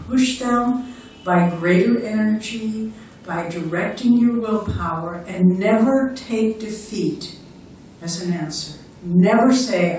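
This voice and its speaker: A woman's voice: medium pitch, darkish tone, a little hiss or hum. An older woman who is a spiritual director, giving an earnest talk with stories that encourage her listeners. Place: lecture hall. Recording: very echoey hall, mic far off.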